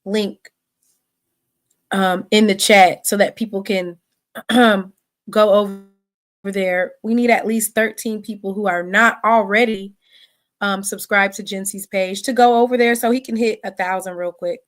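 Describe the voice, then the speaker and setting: A woman's voice: mid-range voice, steady tone, a little slow. Woman, livestream podcast host, casual rambling delivery, filler-heavy. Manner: rambling, many fillers, reading stats aloud. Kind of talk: casual livestream sports talk.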